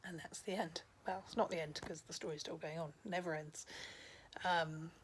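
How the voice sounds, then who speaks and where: A woman's voice: low-pitched, fairly even intonation, normal speed, slight background noise. A woman telling folk tales in a casual storytelling video, chatty and full of asides. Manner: chatty, with many ums and asides.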